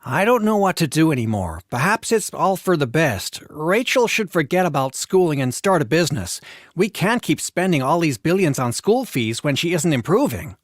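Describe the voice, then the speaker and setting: A man's voice: on the high side, big pitch swings, normal speed, no room sound, clean studio sound. A man playing a smug, wealthy dad. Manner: smug and offhand. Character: rich, dismissive father. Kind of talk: animated storytime voice acting.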